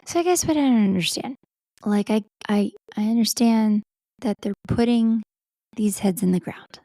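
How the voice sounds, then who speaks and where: A woman's voice: fairly high pitch, moderate pace, warm tone, no room sound. A woman co-hosting a podcast, chatting casually about a film and reacting aloud to scenes as she watches. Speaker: podcast co-host. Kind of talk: casual movie commentary chat.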